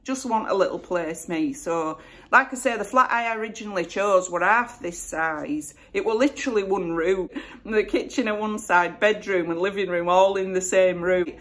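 A woman's voice: medium pitch, moderate pace, a bit bright. A middle-aged woman from Bradford with a West Yorkshire accent, chatting casually and rambling through a Q&A vlog. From Bradford, England. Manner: chatty, rambling, self-correcting. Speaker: vlogger. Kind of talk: casual Q&A chat.

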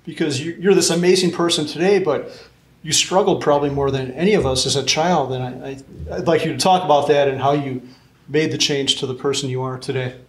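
A podcast host moderates a live audience Q&A, relaxed and friendly as he introduces each question. His voice sits a bit high. The room is echoey with a faint hiss. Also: brisk. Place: event hall with audience.

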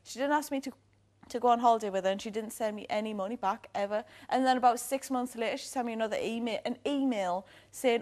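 A woman's voice: fairly high pitch, fast talker, a little mellow. A woman, a reality-show housemate, chatting casually late at night and telling stories with lots of "like". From England. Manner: chatty, uses "like" a lot, storytelling. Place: indoor house.

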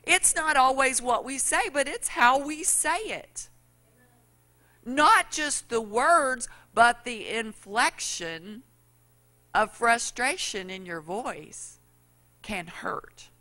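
Middle-aged woman preacher, bright voice, folksy storyteller. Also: fairly high pitch, expressive, slow pace. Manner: folksy storytelling, acts out quotes. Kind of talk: sermon.

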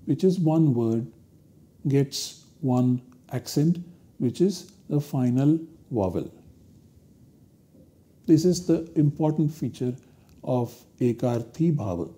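A man giving a university lecture, explaining step by step in a slow, deliberate way. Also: fairly high pitch, animated, warm tone. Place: recorded lecture studio.

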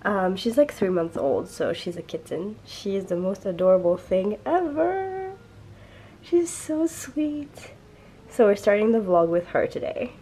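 A woman's voice: lowish voice, normal speed, hardly any pauses, dark tone, slight background noise, poor audio. A young woman vlogging casually to a handheld camera, chatty and full of fillers, sick with a heavy cold. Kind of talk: casual vlog talk to camera.

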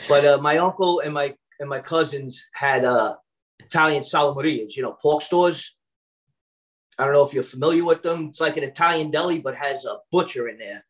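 A man's voice: on the high side, moderate pace, rough recording. A man from Brooklyn, a personal chef chatting casually on a video call, full of fillers and restarts. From Brooklyn, New York. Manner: chatty, repeats words when starting, many fillers.

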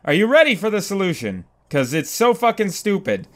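A young man commentating a video game as he plays, swearing, panicking loudly and laughing at himself. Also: high-pitched, very animated, fairly quick. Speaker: gaming commentator. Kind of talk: let's play commentary. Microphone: desk microphone.

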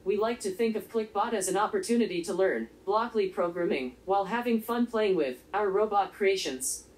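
A monotone synthetic robot voice, female. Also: medium pitch, moderate pace, poor audio. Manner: polite, evenly paced, formal phrasing. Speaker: robot reviewer narrating a product review. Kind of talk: scripted review narration.

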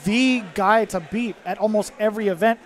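High-pitched guy rattling off fighting game commentary fast, jokey, music playing behind. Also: fairly even intonation. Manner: joking, quick, laughs often. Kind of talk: live esports commentary.

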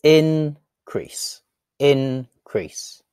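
A woman's voice: sits low, very slow, mellow, smooth, no echo, studio quality. A woman teaching a word in a patient, playful tutorial, repeating it often for learners. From England. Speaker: speech and language teacher.

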